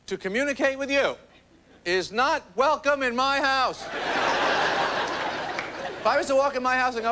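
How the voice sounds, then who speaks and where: A man's voice: very high-pitched, moderate pace, pauses often, heavy background noise. A man performing a stand-up comedy routine on a TV studio stage, with a wry, observational delivery and exaggerated demonstrations of different voices. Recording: loud studio audience laughter. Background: roaring crowd laughter.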